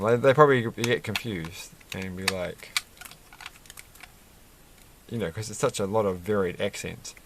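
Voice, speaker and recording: A man's voice: on the low side, steady tone, normal speed, background noise. A man chatting casually and rambling as he builds a Lego set at his desk, with lots of fillers and restarts. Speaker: Lego reviewer. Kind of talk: casual chat while building.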